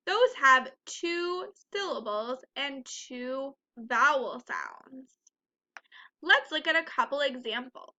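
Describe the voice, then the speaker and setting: A woman teaching a first grade phonics lesson, speaking slowly and clearly and clapping out the syllables of words. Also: sits high, sharp tone.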